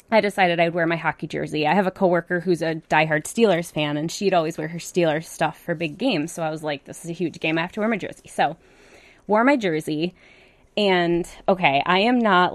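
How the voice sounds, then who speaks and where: Chatty woman with a low voice. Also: dry recording. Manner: chatty, rambling, lots of fillers. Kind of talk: casual chat.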